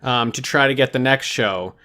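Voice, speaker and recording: A man's voice: medium pitch, moderate pace, sharp tone. A man co-hosting a podcast, chatting casually in an easygoing, agreeable way with lots of filler words. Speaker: podcast co-host. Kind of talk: casual chat.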